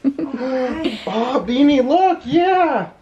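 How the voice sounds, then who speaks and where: A woman's voice: sits high, animated, drawn-out words, mellow, roomy sound, muffled recording, a little hiss or hum. A woman talking to the family dogs in sing-song baby talk. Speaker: family member. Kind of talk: casual family chat.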